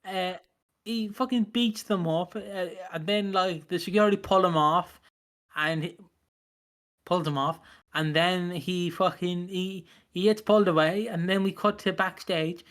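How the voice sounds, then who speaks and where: A man with a high-sitting voice speaks unhurriedly as a podcast co-host in a casual wrestling review chat. He retells matches in an animated way, acting out the people involved in different voices and swearing plenty.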